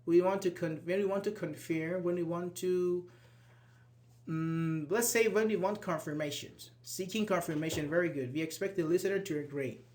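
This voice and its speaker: A man's voice: sits high, normal speed, darkish tone. A man teaching an English grammar class, patiently explaining and reading out example sentences, with frequent restarts.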